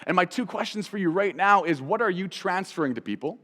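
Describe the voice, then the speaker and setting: A man hosting a Christian teaching show, talking in an animated, conversational way, repeating phrases for emphasis and putting direct questions to the listener. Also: high voice, a little fast, in a large hall. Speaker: host and Bible teacher.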